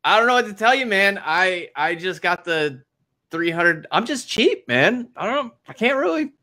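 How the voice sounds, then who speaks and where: A man hosting a relaxed interview chat. His voice is bright and forward, and he talks in a loose, easygoing way, laughing often and letting thoughts trail off. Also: high-pitched, moderate pace. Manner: laid-back, laughs easily, trails off. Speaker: host.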